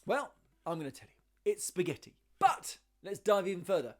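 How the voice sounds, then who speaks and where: A man's voice: high-pitched, sing-song, normal speed. A man teaching a ukulele lesson, encouraging, counting beats aloud and singing along. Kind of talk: online music lesson.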